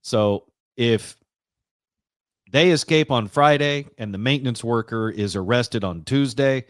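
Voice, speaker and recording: A man's voice: medium pitch, a little slow, no room sound, clean studio sound. A man co-hosting a casual podcast, reading news items aloud and laughing often. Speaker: podcast co-host.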